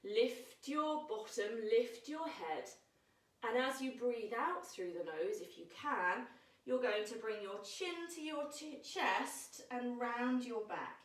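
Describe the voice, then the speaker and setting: A woman leading a children's yoga lesson, gentle and encouraging, telling a playful story as she guides the moves. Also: fairly high pitch, lively intonation, slow pace, roomy sound, distant mic, rough recording.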